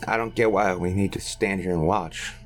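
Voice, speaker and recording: A man's voice: deep voice, steady tone, moderate pace, soft background music, natural voice. A man voicing a callous, scowling boy in a horror audio story, muttering with scorn. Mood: scornful. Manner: sneering, muttered.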